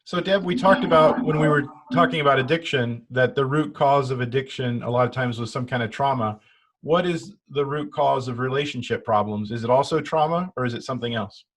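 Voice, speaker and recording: Male podcast host, mid pitch, measured interviewer. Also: a bit bright. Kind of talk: interview questions.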